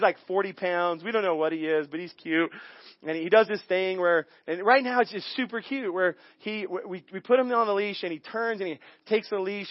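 A guest pastor telling a story in his sermon, animated and chuckling, often restarting his sentences. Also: sits high, no room sound, dull audio. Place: church sanctuary.

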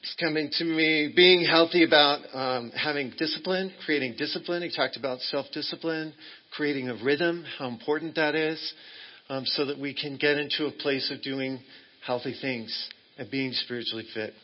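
A man's voice: a little high, normal speed, highs cut off. A man preaching a folksy sermon. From Texas. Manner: friendly, joking, loose and rambling. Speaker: guest preacher. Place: church.

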